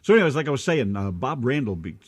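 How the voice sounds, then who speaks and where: A man's voice: medium pitch, sing-song, fast talker, slightly rough. A man co-hosting a casual radio show, joking and rambling in a loose, chatty way. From United States.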